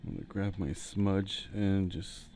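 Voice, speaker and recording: A man giving a relaxed, rambling painting tutorial with jokey asides, talking into a headset mic. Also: deep voice, measured pace, a little hiss or hum. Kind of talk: casual tutorial commentary while painting. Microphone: headset mic, breathing into it.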